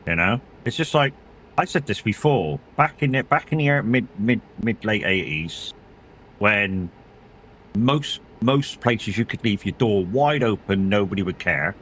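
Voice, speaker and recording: A man's voice: on the low side, expressive, a little slow, fairly bright tone, slight background noise. A middle-aged man, chatting casually and rambling as he streams a driving game, swearing and laughing often. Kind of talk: casual chat while gaming.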